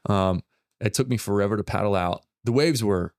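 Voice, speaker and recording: A man hosting a podcast, telling a story in a rambling, excitable way full of fillers. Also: fairly low pitch, fairly quick, no room sound. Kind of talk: casual storytelling in conversation.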